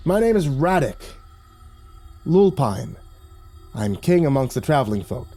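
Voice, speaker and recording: A man voicing a towering, scarred male traveler king with a strange foreign accent, speaking with smooth, false politeness. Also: mid-range voice, big pitch swings, measured pace, mellow, soft background music, voice pushed up. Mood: proud.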